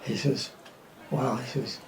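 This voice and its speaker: A man telling jokes to an audience, an animated storyteller who punches up the lines and drops into near-whispers for asides. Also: mid-range voice, takes it slowly. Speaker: joke-telling comedian. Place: outdoor street performance. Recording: roomy, from a distance with ambient noise.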